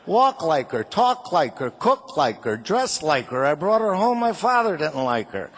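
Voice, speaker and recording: A man's voice: fairly high pitch, very animated, a little slow. Older man telling jokes on stage. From Chicago. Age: 60s. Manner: jokey, folksy, chatty with the crowd. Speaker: comedian and singer. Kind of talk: stand-up comedy set.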